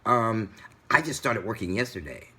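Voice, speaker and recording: A man's voice: fairly low pitch, big pitch swings, normal speed, sharp tone, slightly rough, full character voice. A man voicing a flustered, nervous new female driver who sounds defensive and rattled.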